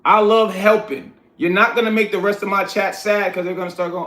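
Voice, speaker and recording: This blunt New Yorker is a livestream host reading his chat aloud and lecturing it in a casual stream. He talks fairly quickly in a high, bright, forceful voice with fairly even intonation, and the room is roomy and echoey.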